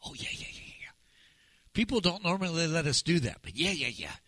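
A man putting on the voice of a male sound technician who speaks in a hushed, breathy way and repeats himself. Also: a little high, very animated, a little fast, no echo, exaggerated voice. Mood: eager.

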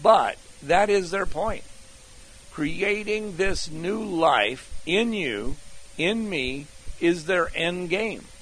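An older man preaching a sermon, working through an outline point by point in a deliberate way. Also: sits high, expressive, fairly bright tone, rough recording. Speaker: pastor.

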